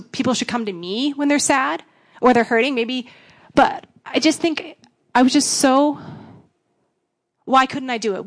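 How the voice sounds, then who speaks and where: Woman youth pastor telling her story, kinda high voice, blunt and self-mocking. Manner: frank, self-deprecating, acts out dialogue. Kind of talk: candid personal testimony talk.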